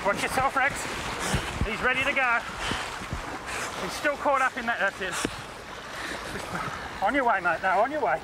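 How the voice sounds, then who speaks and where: A man's voice: extremely high pitch, moderate pace, pauses often, very noisy. An Australian man on a fishing boat outdoors, jokey and encouraging as he calls out instructions while handling a shark.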